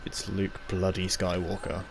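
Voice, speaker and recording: A man's voice: deep voice, completely flat delivery, unhurried, gravelly, noisy background. Rambling man recapping a show. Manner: rambling, full of fillers and acted-out quotes. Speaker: reviewer. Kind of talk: casual spoken review, recapping scenes.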